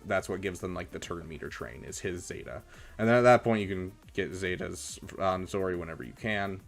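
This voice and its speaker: A young man with a somewhat low voice talks loosely on his live stream, handing out tips between plenty of ums and uhs. Faint music plays quietly behind him. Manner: relaxed, chatty, many fillers, gives advice. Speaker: streamer reviewing viewers' game rosters. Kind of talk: casual live-stream chat.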